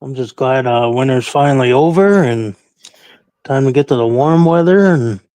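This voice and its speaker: A man's voice: mid-range voice, animated, moderate pace, dark tone, no echo. A man joining a livestream as a guest, chatting in an easygoing way. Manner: easygoing, conversational. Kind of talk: casual chat.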